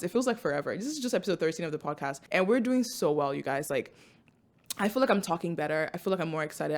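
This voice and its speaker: A woman in her twenties, from Nigeria, hosting a podcast in a loud, excitable, chatty way with frequent laughter. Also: low voice. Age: 20s. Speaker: podcast host. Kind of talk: casual podcast chat.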